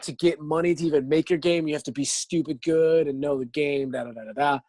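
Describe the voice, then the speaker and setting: A man's voice: fairly high pitch, a little fast, dry recording. A young man, an actor, telling long stories in a casual interview, acting out what people said and laughing often. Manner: animated, acts out quotes, laughs often.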